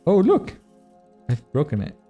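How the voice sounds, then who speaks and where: Over soft background music and lo-fi sound, a man with a higher-pitched, mellow voice speaks unhurriedly with huge swings in pitch. He streams a game as a streamer and modpack creator, chatting casually, cursing frequently, and laughing at himself.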